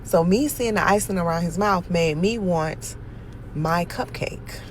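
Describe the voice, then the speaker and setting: A woman telling a story about her niece and nephew in a casual vlog, animated and exasperated, with sudden loud outbursts. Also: lowish voice, unhurried, slight background noise, poor audio. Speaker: aunt telling a family story.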